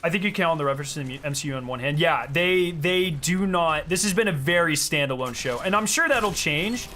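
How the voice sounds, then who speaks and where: An excitable young male streamer chatting casually with his viewers as he plays, rambling and full of fillers. His voice sits a little high and rings bright and forceful. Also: fairly quick. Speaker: game streamer. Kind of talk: casual chat while playing.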